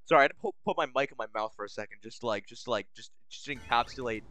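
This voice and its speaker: A young man streams a game with loose, rambling commentary, swearing freely as he lurches between exasperation and giddy delight. His voice sits at an ordinary middle pitch, with faint music playing underneath. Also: rapid-fire, pushed and bright, no echo. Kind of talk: casual gaming commentary.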